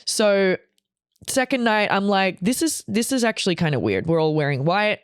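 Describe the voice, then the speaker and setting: A woman's voice: mid-range voice, lively intonation, normal speed, smooth, dry recording, studio quality. A woman in her forties telling a long personal story on a podcast, rambling and emotional, with frequent swearing and restarts. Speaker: comedian guest. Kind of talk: candid storytelling chat.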